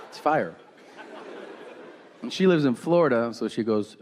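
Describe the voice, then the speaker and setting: Brief: male stand-up comic, dry and profane, lively up-and-down pitch, noisy live mic. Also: normal speed, long pauses, long reverb tail. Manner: dry, profane, acts out quotes. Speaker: stand-up comedian. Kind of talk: stand-up comedy set. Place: comedy stage with an audience.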